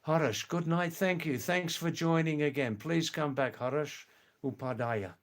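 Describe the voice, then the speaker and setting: Older man, from England, live stream host, slow unhurried delivery, rambling, hesitant fillers. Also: fairly high pitch. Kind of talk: casual live chat reading viewer comments.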